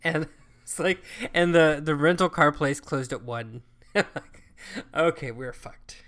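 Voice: mid-range voice, slow, fairly bright tone. A co-host telling a travel story in casual chat, swearing freely and acting out what people said. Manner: profane, chatty, acts out quoted lines.

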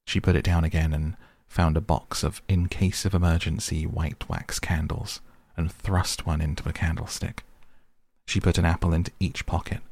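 A man reading a story aloud in a measured, storytelling manner. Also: sits low, gravelly, darkish tone, dry recording. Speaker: narrator. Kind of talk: audiobook narration.

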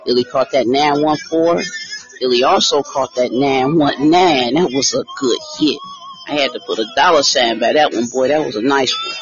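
A man's voice: medium pitch, moderate pace. A man hosting a casual live stream, chatting with viewers by name and reading out lottery numbers. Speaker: livestream host giving lottery picks. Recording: dull lo-fi stream audio with faint music.

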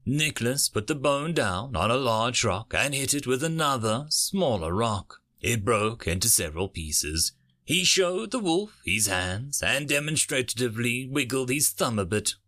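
A man reading a sci-fi short story aloud as host of a narration channel, with expressive delivery. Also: medium pitch, unhurried.

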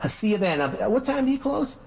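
A man putting on a high, overly friendly customer voice for a phone order. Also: big pitch swings, measured pace, a little mellow, exaggerated voice. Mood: chirpy. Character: chirpy polite white-sounding man on the phone.

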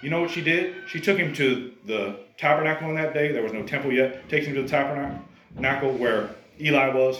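A man's voice: mid-range voice, moderate pace, soft background music. Man preaching in an echoey church. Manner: conversational, animated, keeps addressing the listeners as "guys". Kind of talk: sermon. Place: church service.

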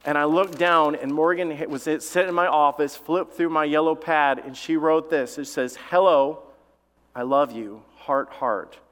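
A man's voice: on the high side, steady tone, normal speed, hardly any pauses, fairly bright tone, smooth. A middle-aged man preaching a sermon as pastor, telling family stories in a conversational way and building to strong emphasis. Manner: conversational storytelling with laughs and rising emphasis. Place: church sanctuary. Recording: long reverb of a large hall.

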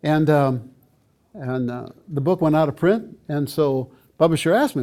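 Older pastor guy teaching a church crowd, mellow warm tone, kinda high-ish voice, earnest and pushy. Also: expressive, slow pace. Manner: earnest, emphatic, with asides to the audience. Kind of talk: teaching talk to a church audience.

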